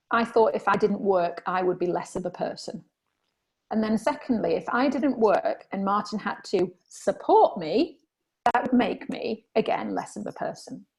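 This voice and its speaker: A woman speaking candidly as a guest in a reflective conversation, sometimes animated when reenacting her past self. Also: mid-range voice, creaky, slightly rough, poor audio.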